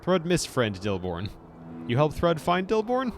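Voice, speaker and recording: Childlike, friendly big orc, put on by a man: raised, loud, slow broken speech over game music. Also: on the high side, wildly swooping pitch, pitched above the performer's own voice. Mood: sad. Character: simple-minded big friendly male orc.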